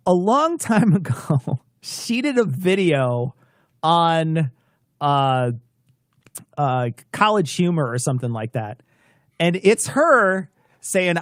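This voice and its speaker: A man's voice: high-pitched, expressive, moderate pace, fairly bright tone, no room sound, studio quality. A man co-hosting a live stream, chatting and telling stories in a loose, laughing, swearing way with many restarts. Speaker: co-host of a live-stream show. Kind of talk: casual comedic chat.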